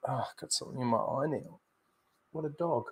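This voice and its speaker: A man hosting a livestream in relaxed, rambling casual chat, talking to his viewers as he sets things up. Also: mid-range voice, brisk. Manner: relaxed, rambling, talks to viewers while setting up. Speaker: livestream host.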